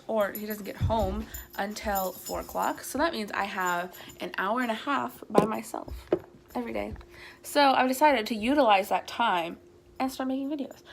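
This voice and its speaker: A woman's voice: fairly high pitch, a little hiss or hum. A teenage girl chatting on her phone in her bedroom, rambling and self-conscious as she shows her room. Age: teens. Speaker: vlogger. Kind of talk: casual chat. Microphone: handheld phone.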